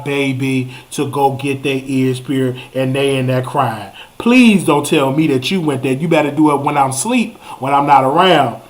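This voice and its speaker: A man, hosting a live call-in show in a chatty, animated way, repeating words for emphasis. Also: mid-range voice. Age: 30s. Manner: animated, drawn-out exclamations and repetitions. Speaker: host. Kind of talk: casual live show monologue.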